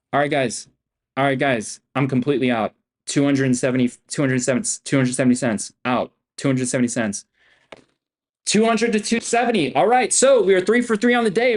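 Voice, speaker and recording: A man's voice: medium pitch, a little mellow. Young male streamer, swaggering and crude, loops the same brags over and over. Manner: boastful, profane, repetitive swagger. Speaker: day trader streamer. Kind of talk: live-stream trading commentary.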